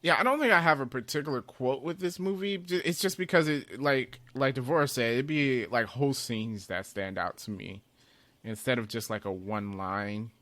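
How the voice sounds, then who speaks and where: A man co-hosting a casual movie podcast, laughing often as he retells scenes. His voice is bright and forward. The recording is dry and close. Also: medium pitch, normal speed, dry recording. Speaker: podcast co-host.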